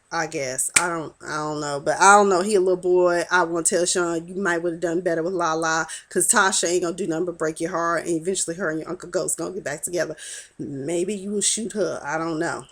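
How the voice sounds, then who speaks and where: A young woman in a casual vlog, sassily recapping a TV episode and talking back to the characters. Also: lowish voice. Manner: sassy, talks back to the characters, acts out their lines. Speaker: TV episode reviewer.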